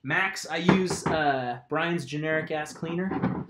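A man's voice: on the high side, slow, background noise. A man casually chatting on a live stream while working on his bike, rambling and answering viewers' comments. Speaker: mountain bike vlogger. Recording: roomy echo.

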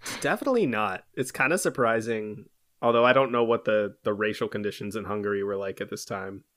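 A man's voice: lowish voice, fairly quick, a bit bright. A male podcast host who tells a history story from a script and banters casually between passages. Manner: reads prepared narration steadily, then banters loosely. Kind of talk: scripted history narration mixed with casual chat.

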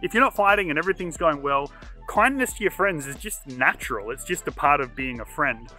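A man presenting a children's show, telling a personal story in an animated way. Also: a little high, a little fast, soft background music. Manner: animated, acts out remembered voices.

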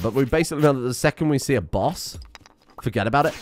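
A young man talks through his game in a loose, sarcastic stream of chatter. His pitch swings widely, jumping high when he swears or gets excited. He curses freely and jokes as he plays. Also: fast. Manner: sweary, sarcastic, animated outbursts. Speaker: gaming streamer. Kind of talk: casual let's-play commentary.

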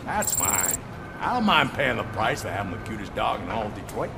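A gravelly, naive complaining citizen. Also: male voice, on the low side, sing-song, a little fast, music in the background. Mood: earnest. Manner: chatty and earnest. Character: odd, naive male citizen complaining to police.

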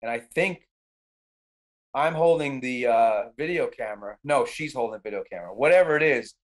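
A man's voice: mid-range voice, normal speed. A middle-aged man casually recounting a film shoot in a podcast interview, acting out his own quotes with lots of "like". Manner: animated storyteller, acts out quotes, frequent "like".

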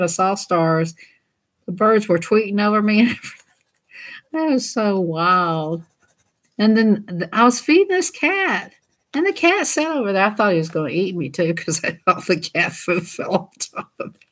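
A woman's voice: mid-range voice, a bit bright. Giggly woman chatting while coloring. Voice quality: giggly, playful, breaks into silly voices. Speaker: coloring channel host. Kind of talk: casual chat while coloring.

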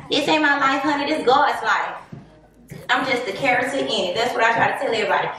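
Speaking high and fast in a fairly bright tone, a late-twenties woman with a Southern US accent lectures her viewers bluntly and preachily in a casual vlog monologue. The recording has a very echoey room, a distant mic and faint noise.

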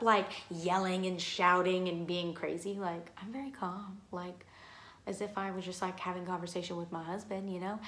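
A woman's voice: medium pitch, fairly bright tone. Chatty woman vlogger in an echoey room. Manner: rambling, heavy use of "like" and "um". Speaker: vlogger telling her own paranormal stories. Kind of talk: casual storytelling to camera.

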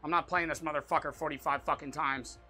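A young man streaming a boxing game, swearing constantly and ranting to his chat with excitable shouted outbursts. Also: on the high side, fast talker, soft background music. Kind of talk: gaming livestream commentary.

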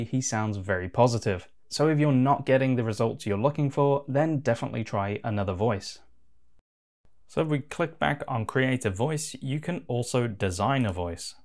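Relaxed man walking through a tutorial. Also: mid-range voice. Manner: relaxed, casual explaining. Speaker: tutorial host. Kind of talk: software tutorial voice-over.

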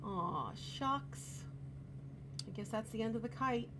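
Woman, children's storytime reader, slow unhurried pace, fairly high voice, gentle and questioning, steady hum behind. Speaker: children's librarian. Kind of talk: children's storytime reading and craft instructions.

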